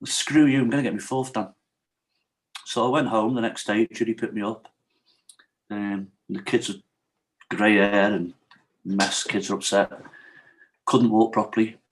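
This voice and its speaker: A man's voice: fairly low pitch, a little slow, long pauses, low-quality recording. A middle-aged man, a guest on a podcast telling his own life story frankly. He tells it with energy, acting out the lines of other people. He keeps checking in with the host. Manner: animated storyteller, acts out quotes, often asks "right?". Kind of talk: candid storytelling.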